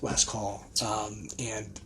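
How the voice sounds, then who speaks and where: A man's voice: lowish voice, little pitch movement, extremely slow, a little hiss or hum. A man who once wrestled, a guest on a friend's podcast, talking casually and chiming in with short agreements. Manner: easygoing, chimes in with short agreements. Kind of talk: casual chat.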